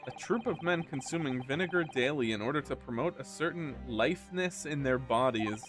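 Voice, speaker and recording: A man reading aloud the lines of a pompous, eccentric gentleman detective in a game, in a grandiose, theatrical manner. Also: medium pitch, animated, a little fast, music in the background, natural voice.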